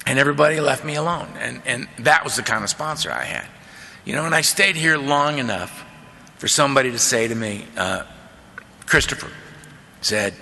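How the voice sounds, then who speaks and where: A man telling his story from a podium in a big convention hall, his voice bright and edged with a gravelly fry. His delivery is animated and conversational, and a long reverb trails behind his words. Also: medium pitch, brisk. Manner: animated, conversational, drawling asides of "man" and "right?". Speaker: AA convention speaker. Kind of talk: storytelling recovery talk.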